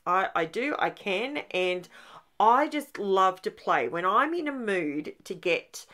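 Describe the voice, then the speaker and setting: A woman's voice: mid-range voice, very animated, takes it slowly, a bit bright. An Australian woman hosting a scrapbooking channel, giving a chatty, rambling voice-over from her home craft room. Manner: chatty and rambling, with fillers and asides.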